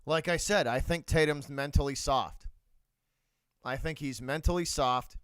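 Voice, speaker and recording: Blunt Boston-accented man, crisp voice. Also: on the high side, unhurried, no echo. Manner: blunt, repeats himself, shouts out viewers. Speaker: livestream host. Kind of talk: live sports reaction stream.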